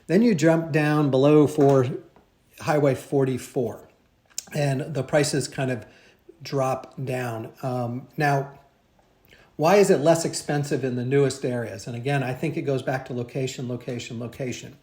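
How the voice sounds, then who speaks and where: A man's voice: medium pitch, steady tone, unhurried, a little mellow. A man with an ordinary mid-range voice walks through a map as a real estate agent. He talks loosely and conversationally, often stopping to restart a phrase or fill a gap with "um". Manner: conversational, hesitant, many fillers and restarts. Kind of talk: casual explainer over a map.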